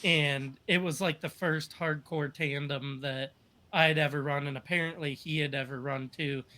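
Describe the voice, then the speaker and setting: A man's voice: on the high side, fairly even intonation, normal speed, bright, forceful tone. A man telling stories on a podcast in a casual, upbeat, rambling way with lots of fillers. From United States. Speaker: podcast guest. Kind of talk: casual storytelling.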